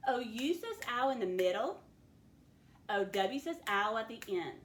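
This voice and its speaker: Speaking with a slightly high, expressive voice, a woman teacher guides kids through a phonics spelling lesson. Each word gets sounded out slowly and patiently. The recording has room echo and a faint hum of background noise.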